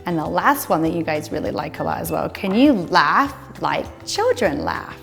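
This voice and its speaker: A woman teaching young children at a virtual circle time, speaking slowly in a sing-song, encouraging way. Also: low voice, creaky. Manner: sing-song, slow and encouraging, talks to little kids. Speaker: preschool teacher.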